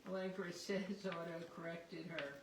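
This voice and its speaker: A woman's voice: on the low side, fairly even intonation, normal speed. A woman with a Philadelphia-area accent, hosting a casual craft video and chatting as she reads out viewer comments. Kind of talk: casual chat. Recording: roomy, distant mic, background noise.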